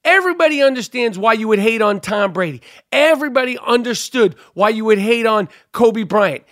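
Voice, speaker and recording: A man hosting a podcast, ranting loudly and profanely about sports with lots of fillers. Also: very high voice, animated, a little fast, no room sound, studio quality. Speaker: podcast host.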